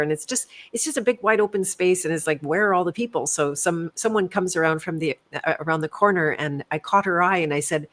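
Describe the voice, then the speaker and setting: A middle-aged woman in casual conversation, reflective, laughing at herself as she tells a story. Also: low-pitched. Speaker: co-host.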